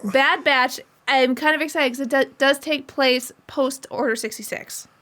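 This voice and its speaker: A woman co-hosting a casual podcast in a high, bright voice. She talks with fan enthusiasm, pausing and restarting her sentences as she goes. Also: steady tone. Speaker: podcast co-host. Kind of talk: casual chat.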